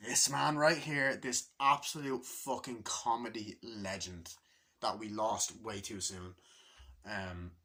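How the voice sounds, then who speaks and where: Casting note: bright, ringing male voice for a casual and profane movie-review vlog. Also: on the low side. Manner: rambling, enthusiastic, frequent swearing and restarts. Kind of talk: casual rambling film review.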